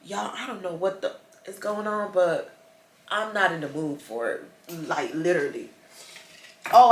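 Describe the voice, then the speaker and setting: A woman's voice: on the low side, fairly bright tone, echoey room, slight background noise. A woman sick with a stuffy nose, chatting casually to her viewers from bed in a rambling, frustrated way. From United States. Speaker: vlogger. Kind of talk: casual vlog chat. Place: bedroom, lying in bed.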